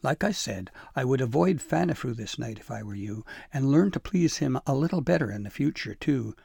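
A man voicing a spirited young female elf in a storybook reading, brisk and a little tart. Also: mid-range voice, expressive, gravelly, dark tone, slightly rough, no echo, studio quality, exaggerated voice. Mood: stern.

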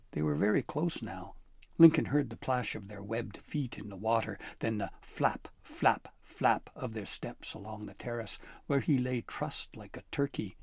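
A man's voice: medium pitch, gravelly, darkish tone, slightly rough, no room sound. A man narrating a storybook expressively, dropping to a whisper for tense moments.

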